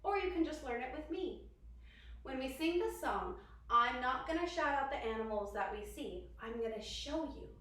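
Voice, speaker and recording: A woman's voice: high-pitched, expressive, moderate pace, fairly bright tone. A woman leading a children's yoga lesson in a playful, sing-song way, coaxing the kids with questions. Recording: echoey room, distant mic.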